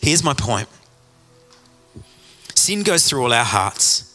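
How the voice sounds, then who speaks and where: A male pastor delivers an earnest sermon, pressing his listeners with pleading questions. His voice is bright and sharp, in a middle register. The sound rings out with the long reverb of a church hall. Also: mid-range voice, big pitch swings, slow, faint music behind.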